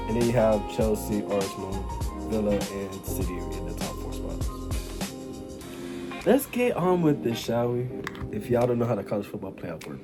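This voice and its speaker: A young man giving casual, rambling commentary over his football video game, often saying "y'all" and "anyway", and getting excited over goals. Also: lowish voice. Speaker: gaming YouTuber. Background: background music.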